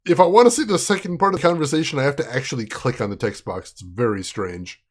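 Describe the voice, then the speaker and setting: Working his way through an old adventure game, this man offers let's play commentary to his viewers, casual and tickled by the game's jokes. He talks fast in an expressive, mid-range voice.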